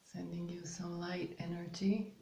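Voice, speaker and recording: A woman hosting a spiritual channel, talking slowly and hesitantly with many pauses and fillers. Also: on the low side, level tone, vocal fry, reverberant. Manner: slow, hesitant, with many ums and soft laughs. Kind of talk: casual spiritual guidance monologue.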